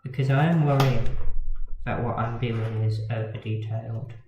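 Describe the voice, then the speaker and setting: A man's voice: mid-range voice, steady tone, moderate pace. A man chatting casually on a livestream while he draws, rambling and swearing in a self-deprecating way. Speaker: miniatures hobbyist streamer. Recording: roomy, dull lo-fi with faint noise.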